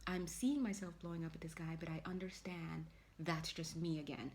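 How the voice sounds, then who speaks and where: A woman's voice: sits low, steady tone, normal speed, a little mellow, a little hiss or hum. A woman giving a casual spiritual tarot reading, rambling and chatty, with playful asides and acted-out quotes. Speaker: tarot reader.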